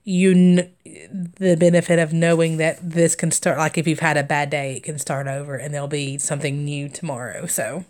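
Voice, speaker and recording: A woman's voice: sits low, steady tone, normal speed, a little mellow. A young adult woman hosting a craft livestream, chatting casually and rambling through stories with frequent laughter and fillers. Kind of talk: casual storytelling chat while stitching.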